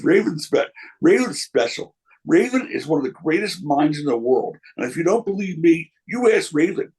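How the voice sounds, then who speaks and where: A man's voice: on the high side, lively intonation, normal speed, darkish tone, breathy edge, rough recording. An older man, a former wrestling promoter, answering interview questions with candid anecdotes and quoting people along the way. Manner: candid, anecdotal, quotes others in voices.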